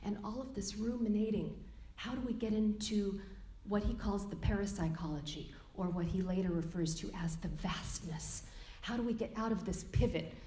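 A middle-aged woman giving a lecture as a yoga teacher, earnest and emphatic, drawing out key words slowly. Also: mid-range voice, dark tone. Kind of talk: spoken lecture quoting a teacher. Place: yoga studio room. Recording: echoey room.

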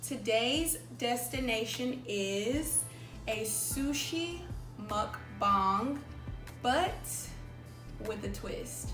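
Unhurried woman, echoey room, music behind. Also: a little high, fairly bright tone. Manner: chatty, addresses viewers as y'all. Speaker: vlog host. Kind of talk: casual mukbang vlog chat.

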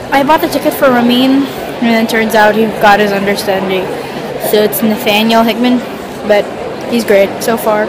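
A woman's voice: a little high, normal speed, background noise. A woman vlogging a casual video diary from a theater, gushing and fangirling. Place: Broadway theater at intermission.

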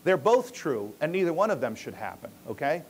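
A man's voice: a little high, big pitch swings, a little fast, slight background noise. A male pastor preaching an emphatic teaching sermon in a church, often checking in with his listeners. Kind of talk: expository sermon.

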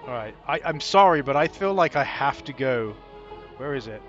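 Playing a video game for the first time, a man offers casual, joking let's-play commentary and swears often. His medium-pitched voice is a bit bright, with lively intonation at a normal speed. The lo-fi recording is slightly dull, with faint game music behind him.

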